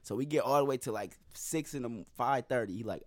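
A man's voice: medium pitch, fast, hardly any pauses, no echo. A man hosting a casual podcast, laid-back and swearing freely as he tells stories. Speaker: podcast host.

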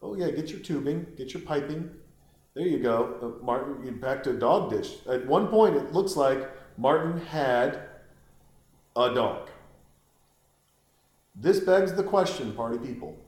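A man giving rambling, crude, joking commentary while watching a film, with sudden high-pitched exclamations. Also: lively intonation, measured pace, long pauses, a little mellow, roomy sound. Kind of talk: casual watch-along commentary.

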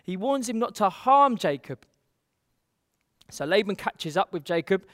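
A man with a high voice tells a Bible story in an easy, chatty way, full of little fillers and quick acted-out lines. The sound is close and dry, with no room around it. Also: very animated, a bit bright, dry recording. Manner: chatty retelling, acts out quotes with fillers. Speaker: Bible teacher.

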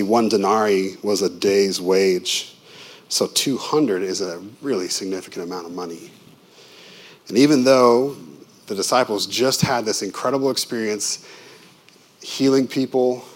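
A pastor preaches in an easygoing, conversational style, peppering his sermon with colorful asides and questions for the congregation. For a man, his voice runs fairly low.

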